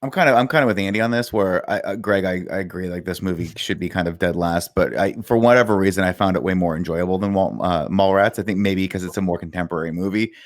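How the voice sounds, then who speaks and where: Deep-voiced dude on a podcast, relaxed rambly chat, dry mic. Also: male voice, quick pace, hardly any pauses, no room sound. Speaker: podcast co-host.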